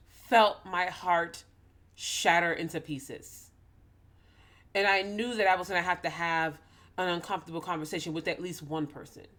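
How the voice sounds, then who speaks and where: A woman's voice: on the low side, a bit bright. A woman in ministry telling a personal story to her audience, earnest and emotional, close to tears as she speaks. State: holding back tears. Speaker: ministry host. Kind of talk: personal talk to camera.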